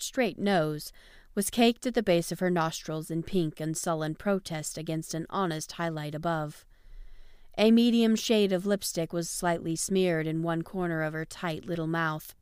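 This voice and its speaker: A woman narrating a novel in a measured, even storytelling manner. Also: lowish voice, clear, resonant tone, no room sound, clean studio sound. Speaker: audiobook narrator. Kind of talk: scripted narration.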